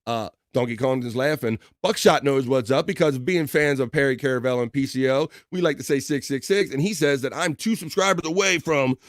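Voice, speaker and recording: A man with a medium-pitched voice talks fairly quickly, hardly pausing, with no room sound. He's hosting a casual livestream, reading viewer comments aloud, joking along and laughing often.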